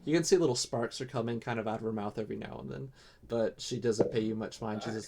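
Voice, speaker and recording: A man narrating as game master, relaxed and casual with frequent fillers. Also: mid-range voice, fast, gravelly, slight background noise.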